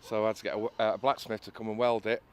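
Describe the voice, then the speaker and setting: A man's voice: on the low side, level tone, very fast, a little mellow, a little hiss or hum. A man telling a story about restoring an old canal boat, hesitating often with uhs and restarts. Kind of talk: casual interview anecdote.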